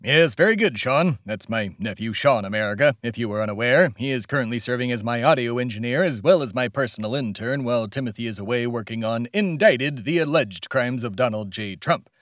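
A man's voice: medium pitch, animated, brisk, hardly any pauses, a bit bright, dry recording, clean studio sound. A man hosting a satirical comedy podcast, delivering a pompous, over-the-top patriotic monologue in character.

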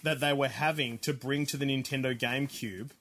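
Aussie bloke co-hosting a gaming podcast, easily hyped, medium pitch. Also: male voice, a little fast, slight background noise. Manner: excitable, laughs often, pitch jumps when hyped. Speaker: podcast co-host. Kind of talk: casual chat.

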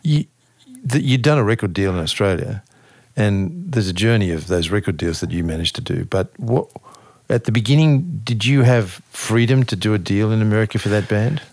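Low-voiced male interview host. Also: lively intonation, darkish tone, dry recording, clean studio sound. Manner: brief listener responses, halting questions. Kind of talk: interview questions.

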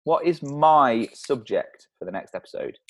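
A man's voice: medium pitch, lively intonation, moderate pace. A man co-hosting a comedy podcast, teasing and laughing often in casual chat. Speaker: podcast co-host.

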